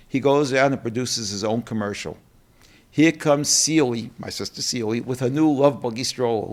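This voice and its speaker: A middle-aged man with a New York accent, a company co-president telling animated stories in an interview and acting out quotes. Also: mid-range voice, moderate pace. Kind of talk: storytelling interview.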